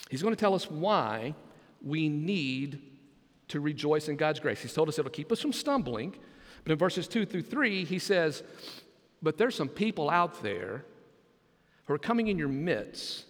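A senior pastor preaches a sermon, joking with the congregation and drawing "Amen?" replies in call-and-response asides. His voice is fairly high, and the recording has a long reverb tail.

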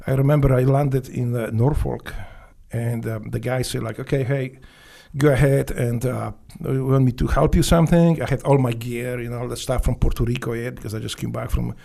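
Polish guy, ex seal, gravelly low-toned voice, swears a lot, broken english, keeps restarting. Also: steady tone, dark tone. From Poland. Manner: blunt, profane, halting with restarts and broken English. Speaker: guest, former Navy SEAL. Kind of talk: casual storytelling interview.

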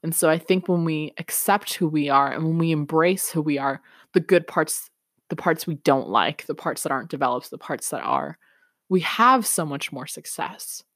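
A woman with a fairly low voice tells a personal story on her podcast, candid and reflective, with plenty of casual "like"s. The sound is close and dry, with no room around it. She steers the story toward gentle motivational encouragement. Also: animated, moderate pace, no room sound. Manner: candid, reflective, chatty with many "like"s. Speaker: podcast host.

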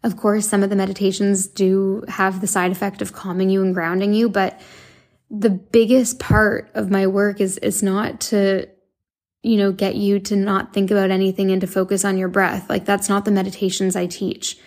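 A woman's voice: mid-range voice, level tone, moderate pace, darkish tone. A young woman hosting her own show, talking casually and earnestly with lots of fillers and restarts. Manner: chatty, earnest, filler-heavy with frequent likes and restarts. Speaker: podcast host and meditation app founder. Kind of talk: casual monologue.

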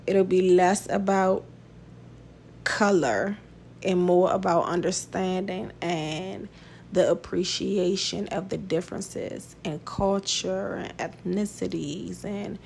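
Blunt, profane woman with a gravelly voice. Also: medium pitch, a little mellow, slight background noise. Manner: blunt, profane, laughs often. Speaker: podcast host. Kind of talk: casual monologue.

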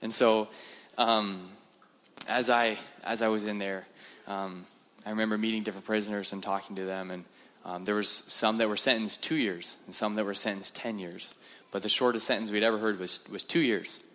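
Low-voiced man giving a church testimony. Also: normal speed, a little hiss or hum. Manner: animated storyteller, repeats words, acts out quotes. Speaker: guest speaker. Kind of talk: sermon-style testimony. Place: church sanctuary. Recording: reverberant church hall.

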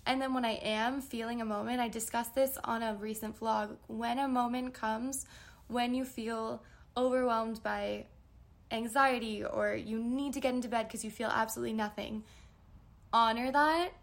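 A woman's voice: on the high side, steady tone, moderate pace, vocal fry. Chatty young woman answering listener questions. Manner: chatty and candid, trails off and self-corrects. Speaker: podcast host. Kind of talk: casual solo podcast answering listener questions. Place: New York.

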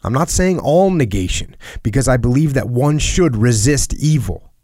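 A man reading a personal letter aloud in a solemn, earnest and measured way, sometimes dropping to a hush. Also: mid-range voice, animated, no room sound, studio quality. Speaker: reader of a letter.

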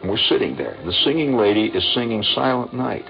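A man's voice: mid-range voice, fast talker, creaky. Older man telling a war story. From Indiana. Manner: animated, acts out voices in a story. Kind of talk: radio storytelling. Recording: dull lo-fi radio with faint music.

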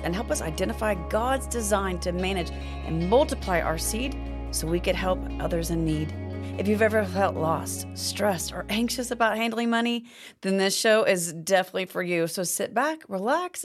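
A woman hosting a faith-based teaching podcast, talking expressively and acting out complaining prayers. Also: medium pitch. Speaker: podcast host.

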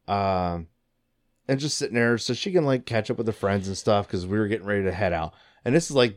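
In a casual chat, a man in his thirties recounts a story with excitement and plenty of swearing, jumping up into high voices when quoting people.

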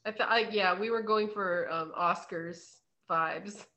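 A woman's voice: mid-range voice, unhurried, sharp tone. A young woman hosting a podcast, chatting casually, laughing often and swearing now and then. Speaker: podcast host. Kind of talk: casual chat.

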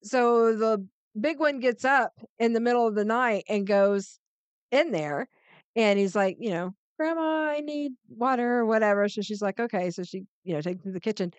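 A woman's voice: medium pitch, moderate pace, smooth, dry recording, lo-fi sound. An older woman, a grandmother, co-hosting a podcast in casual chat, laughing often and egging her friend on. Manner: laughs often, eager backchanneling, warm anecdotes. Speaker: podcast co-host.

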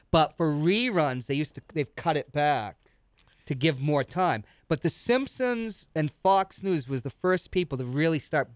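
A man's voice: on the high side, dry recording. Rambling older man from New York. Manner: rambling, knowledgeable storyteller with dry jokes. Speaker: show regular, trivia expert. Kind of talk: casual radio talk.

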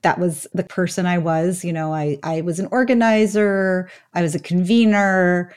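A woman's voice: on the low side, steady tone, moderate pace, darkish tone, clean tone. A woman in her fifties, a guest author on an interview podcast, recounting her past in a reflective storytelling way with many casual asides. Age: 50s. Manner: reflective storyteller, frequent "you know" asides.

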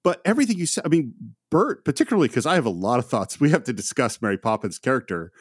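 A man's voice: medium pitch, big pitch swings, fast, slightly rough, no room sound, studio quality. A man hosting a casual film podcast, chuckling often as he shares trivia eagerly. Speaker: podcast host.

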